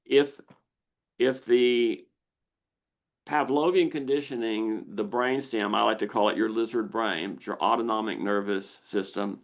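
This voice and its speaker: An older man hosting a live Q&A on a video call, explaining patiently and acting out the brain's inner voice with lively exclamations. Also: fairly low pitch, unhurried. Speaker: misophonia researcher hosting a Q&A.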